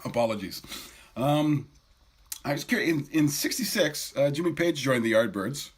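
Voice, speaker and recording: A man's voice: mid-range voice, animated, unhurried, slightly rough. A man in his fifties hosting a podcast, interviewing a guest as an eager, friendly fan. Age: 50s.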